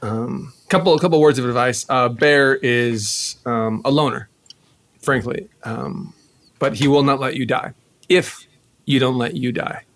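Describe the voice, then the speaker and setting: A man playing a polite male TV crew guide, halting with many ums and uhs. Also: medium pitch, a bit bright. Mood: businesslike. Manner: hesitant, full of ums and uhs.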